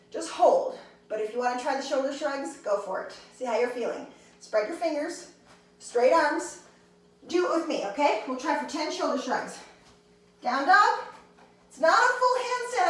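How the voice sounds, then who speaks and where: A woman's voice: high-pitched, very echoey, distant mic, low-quality recording. A woman teaching a handstand class, encouraging her students and counting reps aloud, a little out of breath. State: slightly out of breath. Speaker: handstand instructor. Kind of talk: fitness class instruction.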